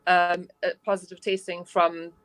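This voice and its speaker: A woman doctor answering interview questions over a remote call, explaining in a measured way with frequent pauses and fillers. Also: fairly low pitch, level tone. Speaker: doctor guest.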